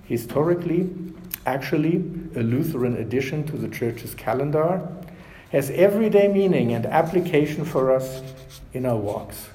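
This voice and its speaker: A male pastor preaching a measured sermon. His voice drops softly at the ends of phrases. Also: a little high, lively intonation, echoey room, low-quality recording.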